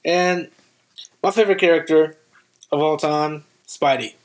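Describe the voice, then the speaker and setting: A young man with a high-pitched voice chats casually with a friend. He is excitable and animated, often breaking into playful voices to act out what people said. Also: a little slow. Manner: excitable, acts out quotes in voices. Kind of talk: casual chat.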